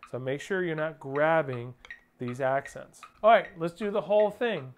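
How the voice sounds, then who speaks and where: A man's voice: fairly high pitch, normal speed. A man teaching drum rudiments step by step, patiently calling out counts and stickings. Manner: counts beats and calls stickings aloud; patient, plain coaching. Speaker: drum instructor. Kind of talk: step-by-step music lesson. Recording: clear clicking noise behind voice.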